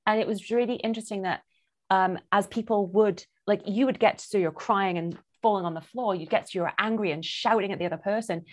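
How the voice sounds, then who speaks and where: A woman, a theater producer, in casual conversation, telling a story with lively acted-out dialogue. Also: mid-range voice, a little fast. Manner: animated storyteller, acts out quoted dialogue.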